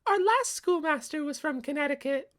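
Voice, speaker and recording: Guy doing a high squeaky gossipy village lady, all flustered. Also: moderate pace. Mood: excitable. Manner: high, excitable falsetto. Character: flighty, gossipy village woman.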